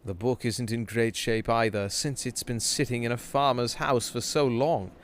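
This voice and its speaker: A man's voice: medium pitch, steady tone, moderate pace, a little hiss or hum. A man streaming a game live, joking and swearing while reading the game text aloud. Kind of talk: casual live-stream gaming chat.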